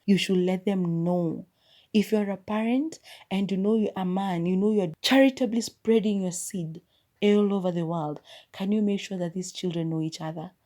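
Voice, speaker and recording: Young woman, low-ish warm voice, chatty podcast reviewer. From Kenya. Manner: expressive, chatty storytelling. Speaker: podcast host. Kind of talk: casual movie review.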